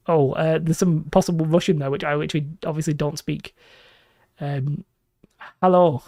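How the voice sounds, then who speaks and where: A man's voice: a little high, fairly even intonation, normal speed, gravelly, mellow, dry recording, studio quality. A man from northwest England with a Lancashire accent, chatting casually on a live stream and reading out viewers' comments. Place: small room at home. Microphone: desk microphone.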